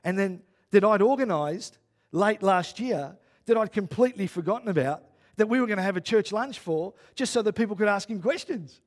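A man, a pastor preaching a sermon in a chatty storytelling way that grows loud and worked up. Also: sits high, animated, a little fast.

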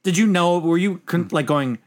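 A man's voice: high voice, expressive, moderate pace. A man co-hosting a casual movie chat, rambling through the plot and correcting himself as he goes. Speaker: podcast co-host.

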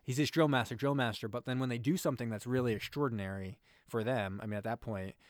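A man's voice: medium pitch, quick pace, dry recording, clean studio sound. A man casually recapping a movie on a podcast, joking and acting out lines from the scenes. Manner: jokey, acts out characters' lines with mock voices. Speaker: podcast co-host.

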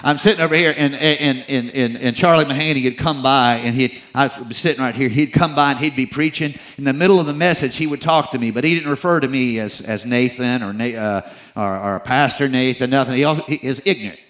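A middle-aged male pastor preaches fairly quickly, shifting between loud, emphatic peaks and low, confiding asides. He teases and pokes fun at himself, and the recording quality is low.

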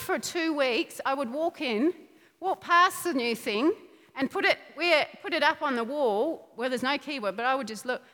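Her voice high-pitched and ringing through an echoing hall, a woman gives an emphatic, lively sermon, breaking into laughter frequently.

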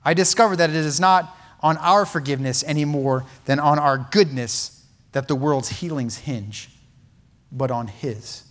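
A male pastor preaching a sermon with feeling, swinging from loud emphatic peaks to hushed, quiet lines. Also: on the high side, a little slow.

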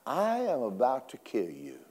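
A male preacher delivers his sermon with a very animated, wide-ranging pitch. He drops to low murmurs, then leaps into high, dramatic cries. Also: unhurried.

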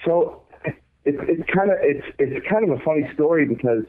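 A man in his twenties, a former college pitcher, telling his story earnestly and reflectively in an interview. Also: animated, normal speed. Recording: tinny phone-like line.

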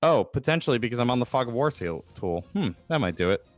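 A man's voice: medium pitch, very animated, quick pace, faint music behind. A man narrating as game master of a tabletop game, in a loose, rambling way with many fillers.

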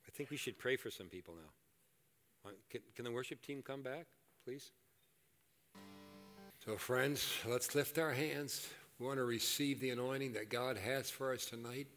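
An older man preaching a sermon and leading prayer in a church, animated and joking at his own expense. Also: medium pitch, a little slow, pauses often, a little hiss or hum. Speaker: pastor. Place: church hall. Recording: echoey hall reverb.

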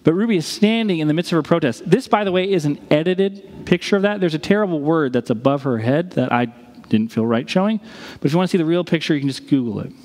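A man preaching a sermon as a pastor, telling a story with dramatic pauses. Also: on the high side, animated, a little mellow, long reverb tail.

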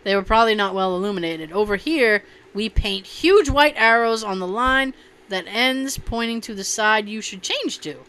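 Bright, crisp-voiced woman swearing casually. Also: medium pitch, expressive, normal speed. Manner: profane, laughing, loose and joking. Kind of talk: casual chat, reading posts aloud.

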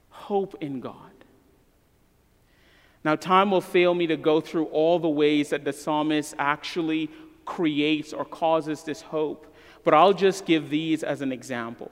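A man in his thirties preaching a sermon as a pastor, earnest and emphatic, falling to a soft voice in prayer. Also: high-pitched. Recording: long hall reverb.

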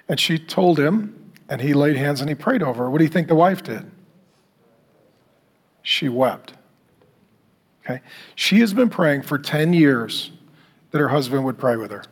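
Middle-aged male pastor, high voice, animated storyteller who acts out quotes for a men's group. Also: measured pace, pauses often, breathy edge. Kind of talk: sermon.

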